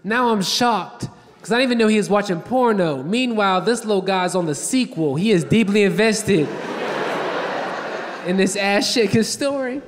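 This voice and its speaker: A stand-up comedian with a high voice tells brash, profane stories and jumps into the voices of the people in them. He works a theater stage on a handheld mic. The sound carries a long hall reverb with faint noise from the crowd. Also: expressive, normal speed. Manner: brash, profane storytelling with acted-out quotes. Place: large theater stage before a live audience. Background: audience laughter.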